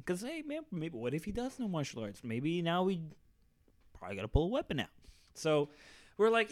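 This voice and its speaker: Give me a lively young man telling a story to friends, cursing freely and doing everyone's voices. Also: on the high side, fairly quick. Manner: animated, profane, acts out quoted voices. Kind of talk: casual storytelling.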